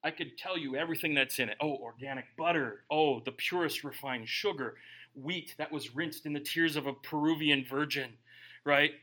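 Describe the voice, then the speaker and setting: A middle-aged man preaching a humorous sermon, joking with the congregation and swinging between quiet asides and loud bursts. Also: a little high, moderate pace. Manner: animated, joking, bursts of shouting.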